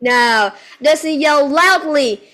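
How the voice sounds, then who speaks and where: High-voiced, slow teacher. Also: female voice, fairly bright tone. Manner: patient, repetitive yes-no questioning; mixes in Vietnamese phrases. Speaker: English teacher. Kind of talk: one-on-one English lesson with a child.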